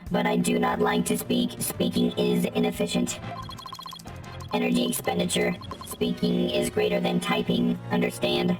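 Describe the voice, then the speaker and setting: Synthetic voice as a robotic male bomb specialist, text-to-speech, extremely deep and flat, game music behind. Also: normal speed, low-quality recording. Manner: flat, clipped, monotone statements.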